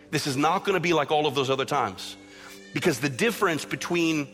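In a church sanctuary, a middle-aged man preaches as pastor with a slightly high, fairly bright voice. His impassioned sermon builds through repeated appeals to listeners, heard amid long reverb and music behind him.

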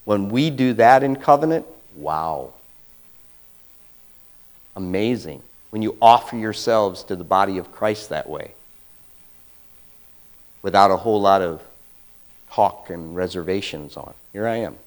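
A man preaching a conversational sermon as a pastor, swinging between quiet asides and loud emphatic bursts and acting out quotes. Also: on the low side, measured pace, pauses often, poor audio.

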